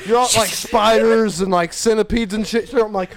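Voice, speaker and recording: High-voiced young man telling a rambling story. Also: fairly even intonation, normal speed, a crowd in the background. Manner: rambling, laughing, loud storytelling. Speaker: storyteller among friends. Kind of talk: casual chat.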